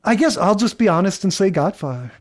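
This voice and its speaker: A male podcast co-host with a slightly higher voice than most men. He talks in a wry, chatty way and keeps dropping joking asides while he recaps. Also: big pitch swings, brisk. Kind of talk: casual chat.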